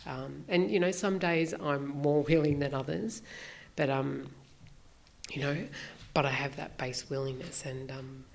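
A woman talks through her own experience in a reflective, halting way. Her voice sits low and carries a gravelly fry, and she often pauses on fillers. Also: fairly even intonation. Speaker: recovery meeting speaker. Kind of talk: personal sharing talk.

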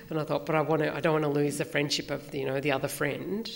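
A woman sharing her personal story at a recovery meeting, reflective and halting, with many fillers. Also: low voice, fairly even intonation, gravelly, a little hiss or hum.

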